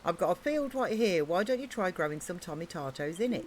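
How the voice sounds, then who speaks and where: Game reading: an English woman plays a cheerful male orc farmer, encouraging and chatty, in a somewhat low voice. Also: lively intonation, brisk, a little hiss or hum, natural voice. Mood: eager. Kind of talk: reading game dialogue aloud.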